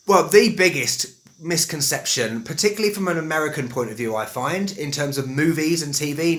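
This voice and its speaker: A man from England with a West London accent, giving a chatty, jokey video lesson on accents. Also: fairly high pitch. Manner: chatty and animated, jokey asides. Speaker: English teacher.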